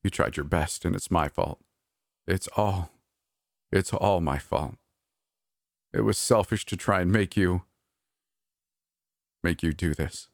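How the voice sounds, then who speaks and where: A narrator doing a desperate male manager, hushed and halting, low deep pitch, dry close sound. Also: vocal fry, no echo, exaggerated voice. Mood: broken. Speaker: park manager.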